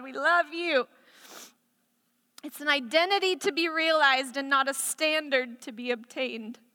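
Bright and forceful, this woman's voice sits high as she preaches with passion in a church sanctuary. She builds up to emphatic declarations, and the recording carries an echoey hall reverb.

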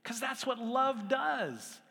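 A man's voice: very high-pitched, big pitch swings, slow, vocal fry, sharp tone, breathy edge. A middle-aged man preaching a sermon in a conversational, self-deprecating way with playful asides. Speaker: pastor. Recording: long hall reverb with faint music.

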